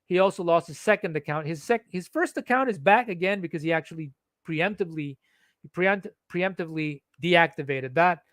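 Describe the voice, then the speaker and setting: A man with a high voice talks straight at his audience, pressing each point and asking himself questions before answering them. The sound is close and dry. He often doubles back on a word mid-sentence. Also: fairly quick, fairly bright tone, no room sound. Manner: insistent, repeats and restarts words, asks and answers own questions. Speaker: social media commentator. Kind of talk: emphatic first-person account to camera.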